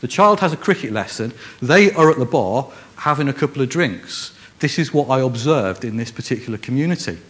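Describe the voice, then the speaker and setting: A man's voice: mid-range voice, animated, brisk, few pauses, fairly bright tone. A man with a Scouse accent from Liverpool, preaching in a conversational, joking way, often restarting his phrases. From Liverpool, England. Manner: self-deprecating humor, frequent restarts. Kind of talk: conversational sermon.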